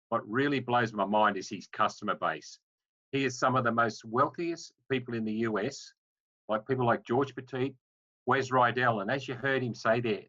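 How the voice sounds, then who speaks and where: A man hosting and wrapping up a car chat, enthusiastic and full of quick exclamations. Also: medium pitch, sharp tone, lo-fi sound. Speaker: interviewer and host. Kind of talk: casual chat and wrap-up to camera.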